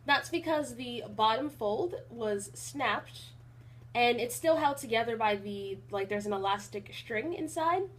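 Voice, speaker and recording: A young college woman recording a casual vlog indoors, her voice sitting a little high. She rambles with fillers and restarts, and her delivery stays even and rarely shows much emotion. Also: measured pace. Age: young adult. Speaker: college vlogger.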